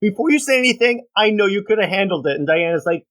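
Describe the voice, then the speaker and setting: Man, podcast co-host, high voice, enthusiastic, reads lines aloud. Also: lively intonation, fast talker, fairly bright tone. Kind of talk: casual comic book chat.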